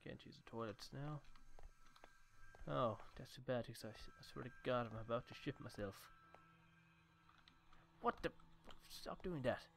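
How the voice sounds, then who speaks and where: A man's voice: medium pitch, measured pace, vocal fry, pauses often, a bit bright. A man casually joking and swearing as he thinks aloud while playing a horror game. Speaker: let's play gamer.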